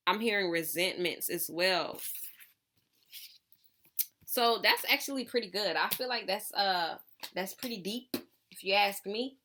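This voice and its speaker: A woman's voice: medium pitch, pushed and bright. A woman giving a casual channeled tarot reading, rambling with lots of fillers and calling the viewer honey. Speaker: tarot reader.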